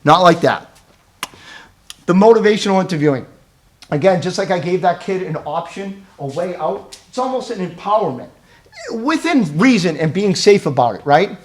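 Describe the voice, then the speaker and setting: Animated man giving a training talk. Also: high-pitched, normal speed. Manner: animated, acts out scenarios in quoted voices; conversational, checks in with "right?". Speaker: crisis-intervention trainer. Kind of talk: training presentation.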